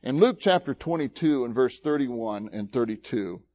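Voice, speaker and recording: Animated folksy male preacher. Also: medium pitch, moderate pace, dull audio. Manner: folksy, emphatic, teasing asides. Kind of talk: sermon.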